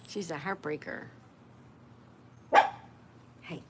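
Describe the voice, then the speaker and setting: This live stream host is a woman whose voice sits low and who speaks slowly. She chats casually with her audience, calling viewers by name and reading out their comments over clear background noise.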